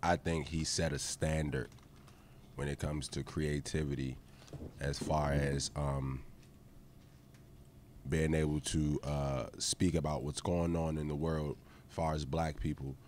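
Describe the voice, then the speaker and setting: A man's voice: rumbling low, level tone, a little slow, a little mellow, a little hiss or hum. A man guesting on a casual podcast, talking in a hyped-up, joking way. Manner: hype, joking catchphrases. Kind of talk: casual chat.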